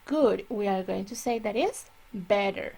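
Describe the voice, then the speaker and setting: A woman teaches an English grammar lesson. Her voice sits at a middle pitch with a gravelly edge. She explains patiently and stretches out each example word. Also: dark tone. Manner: explains slowly, drawing out example words, switching into Spanish.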